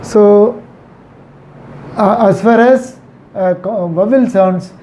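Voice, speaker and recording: Slow, repetitive teacher. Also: male voice, high voice, warm tone. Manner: slow and repetitive, stresses and repeats key words. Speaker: English teacher. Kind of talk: grammar lesson. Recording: slightly dull recording with faint traffic behind.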